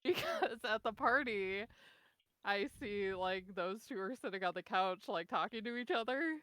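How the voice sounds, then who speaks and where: A woman co-hosting a podcast, chatting casually with frequent giggles and casual swearing. Her voice is bright and moves a lot in pitch. The sound is dry and close. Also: expressive, measured pace, dry recording. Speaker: podcast co-host. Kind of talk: casual chat.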